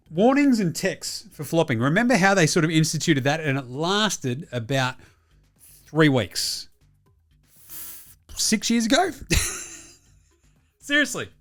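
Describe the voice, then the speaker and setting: An Australian man hosting a solo sports talk show, bluntly rambling and swearing constantly as he reads out listener messages. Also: a little high. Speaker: podcast host.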